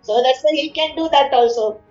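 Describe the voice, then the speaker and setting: A woman's voice: high voice, a little fast, a little mellow, reverberant, muffled recording, faint music behind. A woman retelling an epic story in conversation, explaining each verse and acting out the figures' words. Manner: explains verses line by line, acts out figures' pleas.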